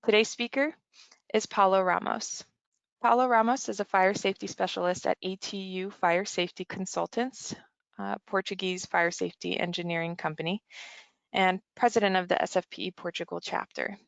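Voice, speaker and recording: Gravelly woman reading webinar logistics. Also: mid-range voice, fairly even intonation, moderate pace, dry recording. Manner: reads from a script, businesslike. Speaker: event manager and moderator. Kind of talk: scripted webinar introduction.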